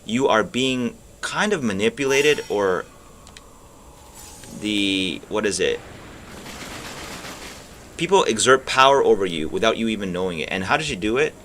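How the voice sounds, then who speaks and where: A man's voice: on the low side, animated, measured pace, pauses often, fairly bright tone, a little hiss or hum. A man rambling and musing aloud while playing a video game, swearing casually and trailing off mid-thought. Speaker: gaming streamer. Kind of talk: rambling commentary while gaming.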